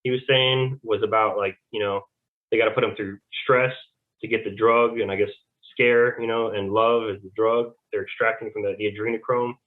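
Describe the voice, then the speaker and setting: A man's voice: on the low side, fairly even intonation, moderate pace. A man giving rambling casual testimony as an interview guest, acting out quoted back-and-forth conversations. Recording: tinny phone-like line.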